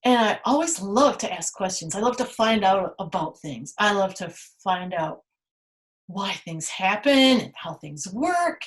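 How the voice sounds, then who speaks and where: A woman's voice: mid-range voice, big pitch swings, unhurried. A woman playing Pandora, a curious, vain young woman from Greek myth, in a playful, theatrical storytelling manner.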